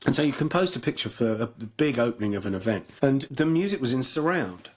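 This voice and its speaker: Man, husky voice, from England, rambling anecdotes, interview guest. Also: mid-range voice, animated, fast. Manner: rambling storyteller with many restarts. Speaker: guest musician.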